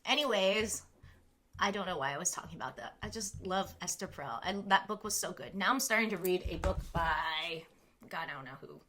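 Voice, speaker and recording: A woman's voice: lowish voice, lively intonation, brisk, pushed and bright. A young woman from Southern California chatting casually on a livestream, reacting to her chat, saying "like" a lot and laughing often. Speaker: livestream host.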